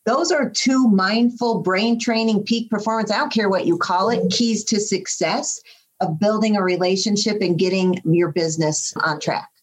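A woman's voice: medium pitch, moderate pace, slightly rough, low-quality recording. A woman guest in a podcast interview, speaking as a mindset coach in an enthusiastic, emphatic way. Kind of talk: casual interview.

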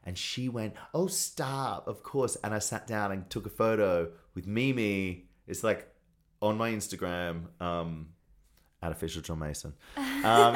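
A middle-aged man from Australia, a TV host and sportscaster, chatting casually as a podcast guest and telling animated, gushing stories. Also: lowish voice. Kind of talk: casual chat.

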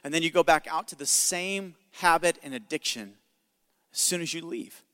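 Bright, high-voiced male preacher. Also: normal speed, smooth, long reverb tail. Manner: emphatic, conversational preaching with jokes. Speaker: pastor. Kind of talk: sermon.

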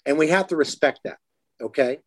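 Brief: high-pitched male host, animated storyteller, dry close sound. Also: brisk, slightly rough, dry recording. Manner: animated, acts out quotes in lively higher voices. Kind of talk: casual storytelling chat.

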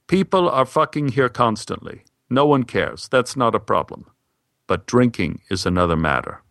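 A man's voice: mid-range voice, animated, normal speed, a bit bright, dry recording, studio quality. A man doing a solemn Norwegian theater director. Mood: earnest. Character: stern older Norwegian male theater director.

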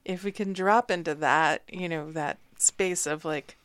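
A middle-aged woman co-hosting a relaxed talk, thoughtful and searching for her words. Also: on the low side, a little slow, dry recording. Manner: thoughtful, searching, many fillers. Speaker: podcast co-host. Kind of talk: casual conversation.

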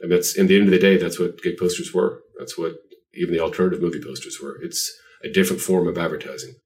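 A man's voice: sits low, fast, creaky, darkish tone, far from the mic. A man being interviewed about his art, telling stories in a rambling, self-deprecating way with lots of fillers. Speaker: artist guest. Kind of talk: casual interview chat.

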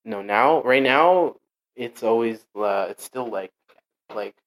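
A man's voice: medium pitch, expressive, slow, fairly bright tone, poor audio. A young man chatting casually, rambling with lots of fillers and restarts. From Portuguese heritage. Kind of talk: casual chat.

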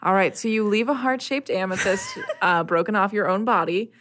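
A woman's voice: medium pitch, moderate pace, background noise. Woman game master, casual and giggly. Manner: casual, laughing, filler-heavy narration. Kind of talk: narrating a tabletop game.

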